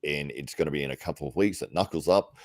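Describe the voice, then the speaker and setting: A man hosting a podcast in relaxed, chatty talk, laughing easily. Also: rumbling low, fast talker, dry recording, clean studio sound. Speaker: podcast host. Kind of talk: casual chat.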